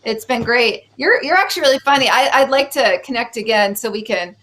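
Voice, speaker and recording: A woman hosts a casual talk show, with a voice sitting a little high for a woman. She speaks in a lively, opinionated way and gets heated quickly. She also likes to tease and joke with her guest. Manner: animated, opinionated, gets worked up; teasing, joking. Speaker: show host. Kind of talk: casual interview chat.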